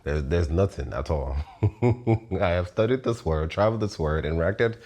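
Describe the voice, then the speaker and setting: Man in his 30s, very deep voice, casual philosophical monologue, frequent laughs, blunt swearing, lively delivery. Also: normal speed. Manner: animated, laughs often, swears freely. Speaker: show host.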